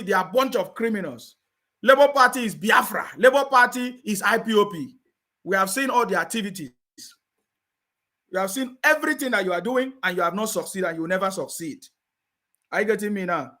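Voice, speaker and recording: A man rants in a combative, repetitive way, often checking that his listeners follow him. His voice sits high for a man and sounds bright and forceful. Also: expressive, moderate pace, pauses often. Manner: combative, repeats phrases, asks "you understand me?". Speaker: political commentator. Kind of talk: heated live-stream rant.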